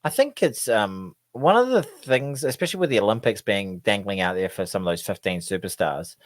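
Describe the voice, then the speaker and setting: Male podcast co-host, animated and self-mocking, dry close sound. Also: lowish voice, fairly quick, no room sound. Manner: animated, self-deprecating banter. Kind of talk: casual sports chat.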